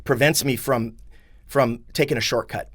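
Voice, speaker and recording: A man's voice: medium pitch, steady tone, normal speed, a bit bright, no echo, studio quality. A middle-aged man, an attorney and author, talking earnestly and emphatically in a casual podcast conversation, with a self-deprecating streak. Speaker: attorney and book author, guest.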